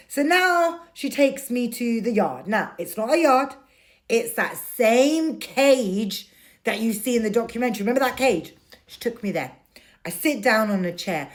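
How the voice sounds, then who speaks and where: A woman's voice: a little high, lively intonation, moderate pace. A middle-aged woman, telling a personal story to camera in an indignant, emphatic rant. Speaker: vlogger.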